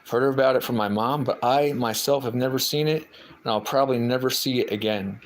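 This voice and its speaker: A man's voice: mid-range voice, fairly quick, natural voice. A man voicing an awestruck older woman psychic who reads palms and speaks with breathless insistence. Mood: astonished.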